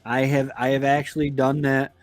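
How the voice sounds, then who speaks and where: A man from Florida who hosts a homestead live stream, telling a casual story in a meandering, halting way. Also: mid-range voice, completely flat delivery, dry recording, faint music behind. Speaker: homestead channel host.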